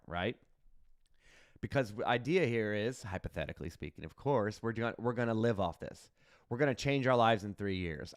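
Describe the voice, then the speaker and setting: A lower-voiced man with a smooth, resonant tone, talking through an investment plan the way he would with a friend. He is lively and animated, keeps asking "right?" and laughs at his own slips. The sound is dry and close to the mic. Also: no echo. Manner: animated, asks "right?" often, jokes at himself. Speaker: investment channel host. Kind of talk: casual finance explainer.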